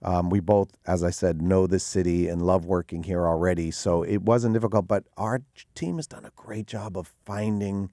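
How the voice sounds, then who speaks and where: A man's voice: low voice, steady tone, moderate pace, warm tone, dry recording. A man from Boston, an actor and producer, talking eagerly in a studio interview, often restarting his sentences. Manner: eager, rambling with frequent restarts. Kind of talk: talk show interview.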